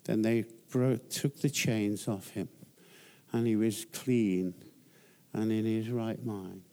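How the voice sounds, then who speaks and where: A man's voice: fairly even intonation, slow, mellow. A man preaching a sermon as a guest pastor, telling Bible stories emphatically. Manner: storytelling, emphatic, rises in pitch for emphasis.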